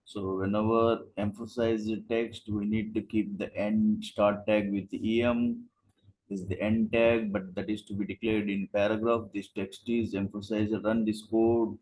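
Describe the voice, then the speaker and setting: A man's voice: on the low side, little pitch movement, a little slow, a little mellow, rough recording. A man teaching a live online coding class, explaining in short steps and asking rhetorical questions. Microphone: video call.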